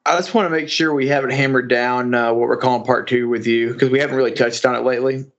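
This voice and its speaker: A man's voice: medium pitch, steady tone, fast talker, lo-fi sound. A man hosting a podcast, playful and jokey, wrapping up with an upbeat sign-off. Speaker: podcast host. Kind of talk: casual podcast chat and sign-off.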